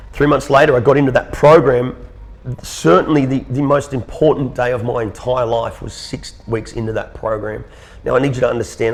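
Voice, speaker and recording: Telling a personal story as an interview guest, this Australian man in his thirties speaks at a medium pitch. His manner is sincere and halting, and he often repeats words.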